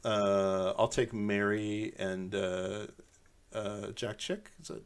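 A man's voice: lowish voice, level tone, slow, clear, resonant tone. A man co-hosting a comedy podcast, handing out roles in a rambling, self-mocking way. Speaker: podcast co-host assigning parts. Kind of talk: casual chat.

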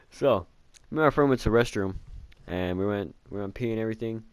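A man's voice: on the low side, a little fast, clean tone, no echo. A young man telling a casual storytime about his childhood, rambling with lots of filler words and swearing, mocking himself. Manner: self-mocking. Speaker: vlogger.

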